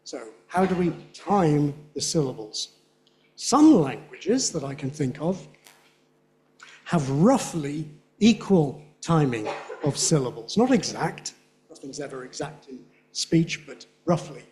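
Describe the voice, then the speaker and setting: A man lecturing at a conference, his voice sitting a little high for a man. He keeps it conversational, asks "yeah?" after his points and says his examples slowly and carefully. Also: expressive, a little mellow. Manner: chatty, checks in with "yeah?", repeats examples slowly. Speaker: guest lecturer on English phonetics. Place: lecture hall with an audience.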